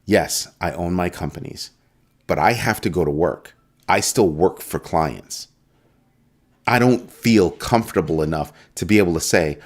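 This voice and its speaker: A man's voice: low-pitched, very animated, a little slow. A middle-aged man from New York hosting a crypto show, talking to viewers in an emphatic way and repeating his points for stress. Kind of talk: casual talk to viewers.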